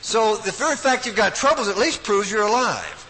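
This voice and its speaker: An older man giving a folksy, emphatic Bible talk as a preacher, swinging from loud emphasis to quiet asides. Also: sits high, normal speed. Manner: animated, folksy, emphatic with sudden drops to quiet. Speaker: preacher at a Bible study week. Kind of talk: sermon-style Bible talk. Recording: hall reverb with faint noise.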